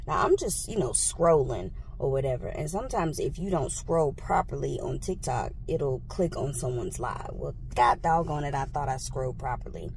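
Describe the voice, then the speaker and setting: A woman vlogger telling a casual story into a handheld phone, animated and exclaiming, laughing often. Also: extremely low pitch, normal speed, vocal fry, few pauses, slight background noise. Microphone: phone held in hand.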